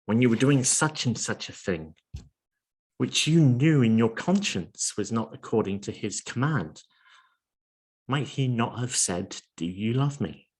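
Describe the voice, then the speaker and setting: Slow, husky-voiced male preacher. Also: mid-range voice, animated. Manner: slow, earnest preaching with rhetorical questions. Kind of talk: sermon.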